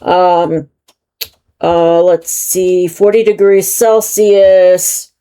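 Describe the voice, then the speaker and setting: A woman's voice: lowish voice, steady tone, extremely slow, dark tone, smooth. An American woman hosting her own crochet channel, casually chatting through a yarn review and thinking aloud as she goes. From United States. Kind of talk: casual product review chat.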